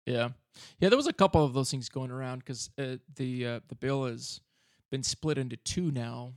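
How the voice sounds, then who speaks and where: Male co-host, gravelly and a touch robotic, dry close sound, rambling casual explainer. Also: mid-range voice, normal speed, no echo. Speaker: podcast co-host. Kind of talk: casual podcast chat.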